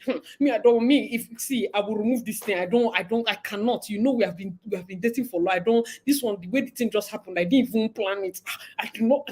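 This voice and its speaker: A woman's voice: mid-range voice, quick pace, darkish tone, slightly rough. A Nigerian woman giving casual gossip commentary with Pidgin mixed in. She laughs often and acts out the quotes. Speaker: vlogger and commentator.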